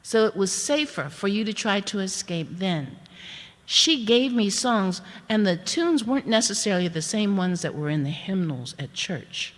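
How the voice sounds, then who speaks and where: A woman storyteller giving an unhurried storytelling performance, with asides to the audience. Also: mid-range voice, lively intonation. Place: performance hall. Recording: reverberant hall.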